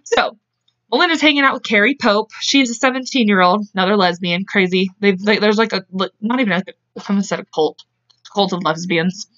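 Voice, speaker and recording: A woman's voice: mid-range voice, brisk, a bit bright, dry recording, lo-fi sound. A woman hosting a podcast, telling a true-crime story in a chatty, profane way with side tangents. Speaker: podcast host.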